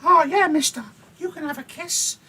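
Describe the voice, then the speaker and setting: A male teacher voicing a playful, teasing young woman in a high, mock-fretful sing-song. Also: moderate pace, sharp tone, recorded from a distance, heavily acted.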